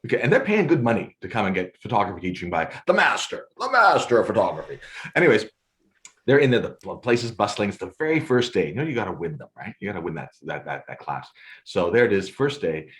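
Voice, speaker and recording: A man's voice: fairly low pitch, quick pace. A man, a podcast guest telling stories in a theatrical way and laughing often. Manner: lively, theatrical, laughs often, acts out scenes. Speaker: guest, storyteller and photographer. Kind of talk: animated storytelling.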